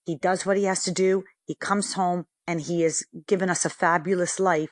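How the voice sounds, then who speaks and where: Middle-aged woman telling a lively story. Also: on the low side, moderate pace, no room sound, clean studio sound. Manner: animated storyteller who acts out quoted dialogue. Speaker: podcast guest. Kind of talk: casual interview storytelling.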